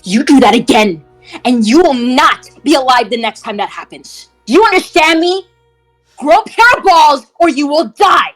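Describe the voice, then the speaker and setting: A woman's voice: high voice, animated, normal speed, a bit bright, soft background music, pitched above the performer's own voice. A woman voicing a ruthless woman fighter who threatens coldly. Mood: threatening. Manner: cold, threatening.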